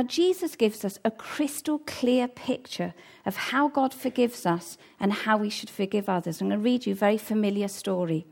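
A woman's voice: on the high side, a little mellow. A woman preaching a sermon in an earnest, conversational way, breaking off for casual asides.

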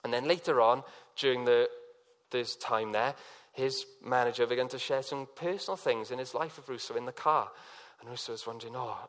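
A man's voice: mid-range voice, fairly quick, fairly bright tone. A man preaching a sermon in a conversational way, telling personal stories and acting out quotes with many fillers.

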